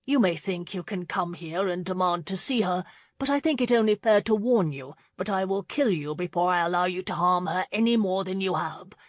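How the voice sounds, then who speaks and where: A woman voicing a stern, protective man who speaks flatly and threatens. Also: fairly low pitch, moderate pace, no echo, studio quality, close to an everyday voice. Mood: threatening. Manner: flat, expressionless, then threatening. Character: protective stern man, guarding his cousin.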